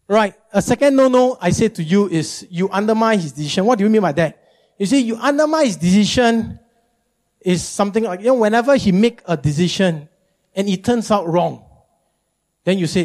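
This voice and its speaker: A male pastor preaching a sermon, animated and emphatic, often repeating words for effect. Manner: animated, emphatic, jumps into high mimicking.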